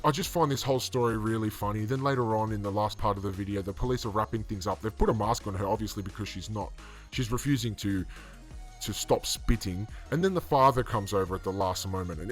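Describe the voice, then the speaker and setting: A man giving casual, indignant commentary on a video clip, rambling with fillers and restarts. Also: fairly low pitch. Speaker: online commentator.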